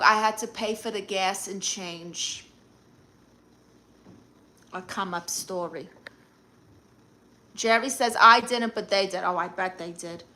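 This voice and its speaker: Woman, Brooklyn accent, sassy livestream host; bright, high-ish voice. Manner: sassy, brash, reads comments aloud. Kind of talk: live stream chat reading comments.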